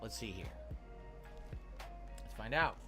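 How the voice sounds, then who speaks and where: A man's voice: lowish voice, lively intonation, takes it slowly, music in the background. A man streaming as he reacts to his own old clips, chatty and self-mocking. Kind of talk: casual stream commentary.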